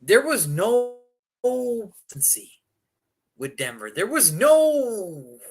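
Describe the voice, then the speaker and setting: A sports show co-host, a man, talks very slowly and haltingly, searching for his words. His pitch swings widely up and down as he goes. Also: sing-song. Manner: slow, hesitant, halting. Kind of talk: casual sports talk.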